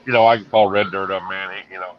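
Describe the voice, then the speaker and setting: A middle-aged man with a very low voice hosts a livestream, chatting loosely and trailing off into quiet asides. The audio is muffled and lo-fi, with a faint hiss underneath. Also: fairly even intonation, quick pace. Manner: rambling, many fillers, trails off quietly. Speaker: livestream host. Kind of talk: casual chat on a livestream.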